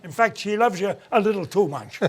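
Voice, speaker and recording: A man in his nineties putting on a friendly, overly chatty small-town Midwestern father with a drawn-out, homespun delivery. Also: sits high, animated, slightly rough. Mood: folksy. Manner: drawn-out, homespun, mock-polite.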